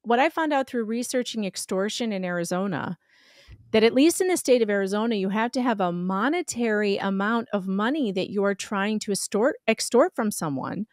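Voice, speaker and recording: A woman's voice: mid-range voice, lively intonation, brisk, no room sound, studio quality. A woman co-hosting a podcast, chatting animatedly, laughing a lot and stammering as she starts her points. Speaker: podcast co-host. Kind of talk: casual chat.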